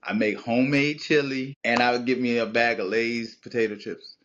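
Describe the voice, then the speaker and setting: A man's voice: medium pitch, normal speed, muffled recording, slight background noise. Reflective man telling a family story. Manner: storytelling, reflective, animated when recalling childhood. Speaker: podcast guest. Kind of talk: casual heartfelt conversation.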